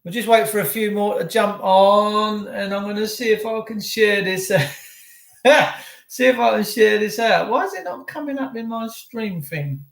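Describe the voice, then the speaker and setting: A high-voiced man chats loosely to his livestream viewers, greeting them by name and wandering from topic to topic. His voice rings around an echoey room. The talk stays casual and rambling throughout. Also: moderate pace, vocal fry. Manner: chatty, rambling banter with viewers. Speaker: livestream host.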